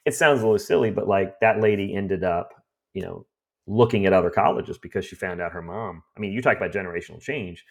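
Gravelly low-voiced man telling stories. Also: fast talker. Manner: animated storyteller, acts out voices. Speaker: estate cleanout business owner. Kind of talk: storytelling in a conversation.

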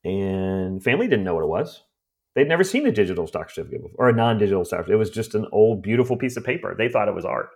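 Gravelly low-voiced man telling stories. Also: quick pace. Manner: animated storyteller, acts out voices. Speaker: estate cleanout business owner. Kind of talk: storytelling in a conversation.

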